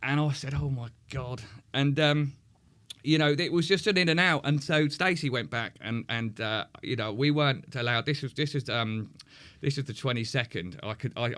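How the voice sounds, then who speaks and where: A man's voice: mid-range voice, fairly bright tone. A man, a podcast guest candidly recounting a hard personal story, swearing often and restarting his sentences.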